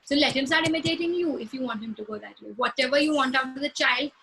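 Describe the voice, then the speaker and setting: A woman's voice: high-pitched, fast talker, vocal fry, background noise. A woman speech therapist answering clinical questions in casual conversation, explaining with examples and acting out short phrases as she would say them to a child. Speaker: speech-language pathologist.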